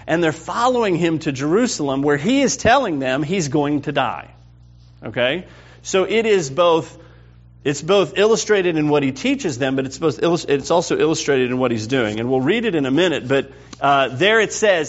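A man teaching a Bible class in a conversational, animated way, often checking with the group. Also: on the high side, moderate pace. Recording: dull lo-fi recording.

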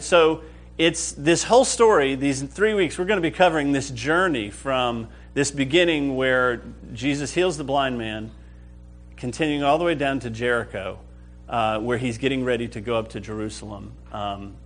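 A man's voice: medium pitch, moderate pace, faint music behind. A man teaching a Bible study class with enthusiasm, often checking whether the group is following. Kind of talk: lively Bible class lecture.

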